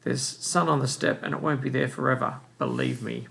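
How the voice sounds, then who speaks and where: A man reading aloud and voicing a gentle, sorrowful old woman cook in a soft, slow, consoling way. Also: medium pitch, big pitch swings, creaky, exaggerated voice. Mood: tender.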